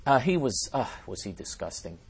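A man hosting a talk show, delivering an emphatic, scornful monologue with many restarts and sudden swings in loudness. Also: medium pitch, very animated, moderate pace, creaky, husky. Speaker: talk show host reading listener messages. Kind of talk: ranting monologue.

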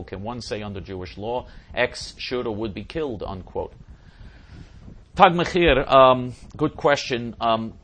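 A man hosting a show, answering listener questions in an emphatic casual monologue that repeats phrases for stress. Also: on the low side.

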